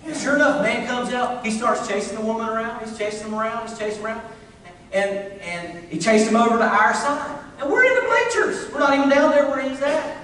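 A middle-aged man, preaching a sermon with funny, animated storytelling. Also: extremely high pitch, fairly quick, slight background noise. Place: church sanctuary. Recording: distant, echoey church hall.

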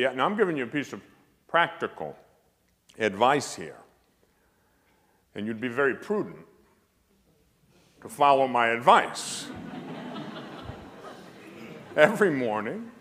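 A priest lectures an audience with emphatic, animated storytelling, his pitch swinging up and down to drive points home, with dry humor throughout. He speaks at a measured pace, pausing often, in a fairly bright tone, and a large hall gives his voice a long reverb.

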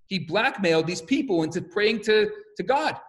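Rabbi lecturing, lively storyteller, high and very animated voice. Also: male voice, normal speed. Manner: animated, acts out quotes and stories.

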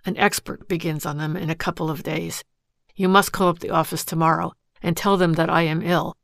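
Woman voicing a panicked middle-aged husband, halting pleas, gravelly low voice, dry close sound. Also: level tone, a bit bright, no echo. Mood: desperate.

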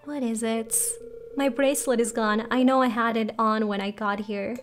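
A woman's voice: a little high, fairly even intonation, normal speed, soft background music, close to an everyday voice. A woman reading as a fretful young woman. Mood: upset.

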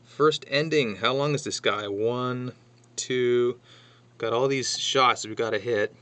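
A man teaching how to read a drum chart in a casual lesson, talking through it bar by bar and counting rhythms out loud. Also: medium pitch, measured pace. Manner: chatty, counts rhythms aloud, thinks out loud. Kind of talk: casual music lesson walkthrough.

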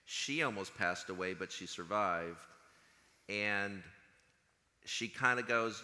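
Male chaplain, low voice with a forceful edge, storytelling sermon, long hall reverb. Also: slow pace, pauses often. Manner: earnest storytelling, quotes others in conversation. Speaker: school chaplain. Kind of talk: chapel talk to students. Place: school chapel.

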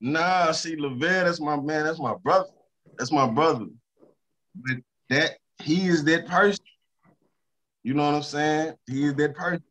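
Man, Louisiana accent, slightly high pitch, emphatic, repetitive, casual interview. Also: moderate pace, a bit bright, muffled recording. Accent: Southern US, Louisiana. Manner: emphatic and repetitive, drops to a subdued tone about stress. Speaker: rapper, interview guest.

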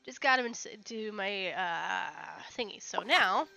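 A woman's voice: mid-range voice, takes it slowly, vocal fry, bright, forceful tone, muffled recording. A woman giving chatty, playful commentary while she plays a game, calling out to the characters. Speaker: gaming video creator. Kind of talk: casual gameplay commentary. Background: game music.

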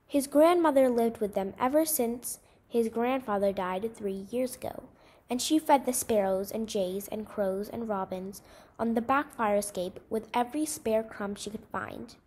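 A woman narrating a short story aloud in a measured, expressive storytelling manner. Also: on the high side. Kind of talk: scripted story reading.

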